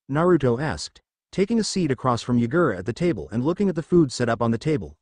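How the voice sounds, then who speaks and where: A man narrating a fan fiction story in a steady storytelling manner. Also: mid-range voice, fast, no echo, studio quality.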